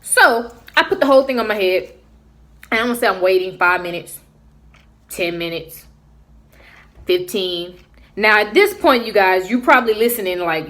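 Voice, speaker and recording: A young adult woman vlogger telling a casual story, animated and acting out what other people said. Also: medium pitch, normal speed, long pauses.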